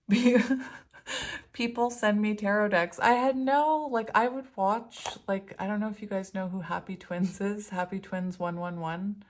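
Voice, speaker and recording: A woman's voice: medium pitch, measured pace. A woman doing a casual spiritual tarot reading, chatty and rambling, laughing often as she talks. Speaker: tarot reader.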